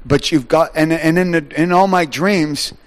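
Excitable preaching man, fairly high voice. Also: moderate pace. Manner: excitable, swings to loud exclamations and laughs. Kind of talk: sermon.

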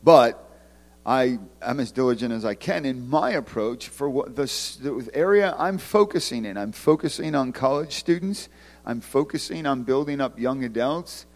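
A man leading a ministry, giving a conversational sermon talk in an animated storytelling way with loud outbursts. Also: medium pitch, normal speed. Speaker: ministry leader. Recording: long hall reverb.

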